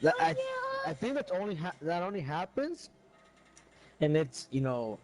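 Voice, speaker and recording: A man's voice: fairly high pitch, very animated, normal speed, low-quality recording. A man in a casual gaming chat, laid-back and hedging, tacking "bro" onto his sentences. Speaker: gamer chatting with friends.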